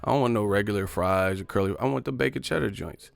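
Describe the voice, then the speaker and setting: A man's voice: lowish voice, fast talker, creaky, no room sound. A man hosting a boxing livestream, ranting casually and profanely while driving his car. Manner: profane, rambling, mocking. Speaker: boxing channel host.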